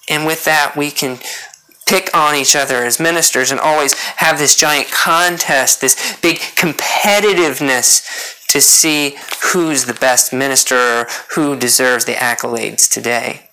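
A preacher giving an earnest sermon in a bright, forceful voice. The delivery circles back to key points for emphasis and keeps pressing the congregation with questions. The pitch sits in a plain middle register. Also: moderate pace, poor audio.

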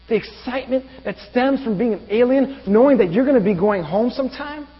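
A pastor preaching a sermon, asking the congregation rhetorical questions. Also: male voice, high-pitched, breathy edge. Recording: dull reverberant room with mains hum.

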